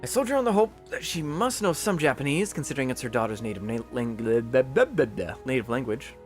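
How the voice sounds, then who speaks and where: A man reading a visual novel aloud as its narrator, expressive and chatty, breaking off into jokey asides. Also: mid-range voice, quick pace, soft background music. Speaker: visual novel reader, channel host.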